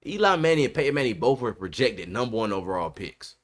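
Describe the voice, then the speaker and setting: A man's voice: mid-range voice, big pitch swings, quick pace. A man hosting a podcast in casual sports chat, emphatic and repetitive, dropping "bro" often. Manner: emphatic, repeats himself, says bro a lot. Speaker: podcast host.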